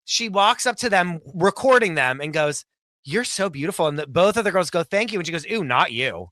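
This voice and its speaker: A man's voice: sits high, brisk, no echo, clean studio sound. A man talking as a podcast guest in casual chat, blunt and profane, telling stories with lots of energy. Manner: blunt, profane, animated storyteller.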